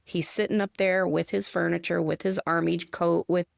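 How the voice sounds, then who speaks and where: Midwestern woman, middle-aged, podcast co-host; chatty, laughs easily, low-ish voice with fry, dry recording. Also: fairly even intonation, moderate pace, no room sound. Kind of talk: casual spiritual chat.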